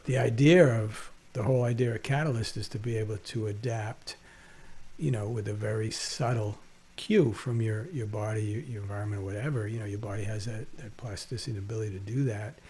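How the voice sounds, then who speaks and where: A man's voice: lowish voice, brisk, a little mellow. A man interviewing a guest in a casual conversation, affirming often and thinking aloud with fillers. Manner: affirming, thoughtful, many fillers. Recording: faint background noise.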